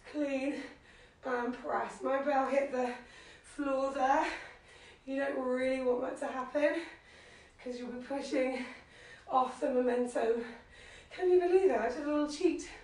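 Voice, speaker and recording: A woman leading a live workout class, out of breath as she cues moves and counts reps in an encouraging way. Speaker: fitness instructor. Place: living room at home. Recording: very echoey room, distant, low-quality web stream.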